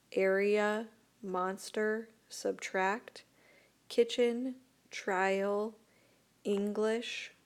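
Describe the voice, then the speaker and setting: A woman teacher speaks slowly and patiently as she records a video lesson. Her voice has a gravelly edge of fry, and she walks her students through each step. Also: medium pitch. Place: voice-over for an interactive whiteboard video.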